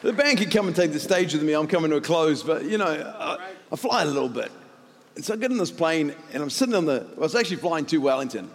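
A man, preaching a sermon as a pastor, telling stories in an animated, jokey way and building to loud, shouted high points. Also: fast talker. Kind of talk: sermon with storytelling. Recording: reverberant hall.

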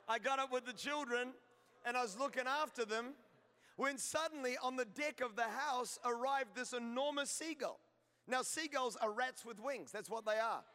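A man's voice: very high-pitched, sharp tone. A middle-aged man preaching a sermon, telling humorous stories and building to emphatic declarations. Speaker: pastor. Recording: reverberant hall.

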